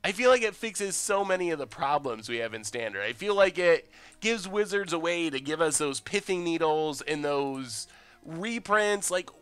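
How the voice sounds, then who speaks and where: An excitable young man chats over his card game stream, his pitch bouncing a lot. His voice is smooth and clear, recorded close and dry. Faint music plays behind him. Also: moderate pace, dry recording. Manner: excitable, chatty, reads chat aloud. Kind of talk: casual game stream commentary.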